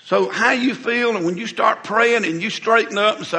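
A man's voice: high-pitched, moderate pace, hardly any pauses, sharp tone. A middle-aged man, preaching a conversational, folksy sermon as pastor, often repeating words as he goes. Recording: hall reverb.

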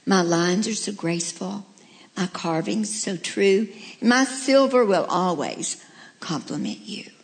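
A woman's voice: mid-range voice, measured pace, natural voice. A woman voicing a graceful silver urn in a sermon poem, pleading to serve its master.

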